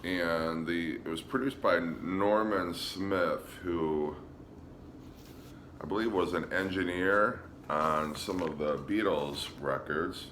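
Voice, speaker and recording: A man casually showing his record collection on a vlog, relaxed and hesitant, with frequent ums. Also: low-pitched, slow, slight background noise. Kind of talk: casual show-and-tell vlog.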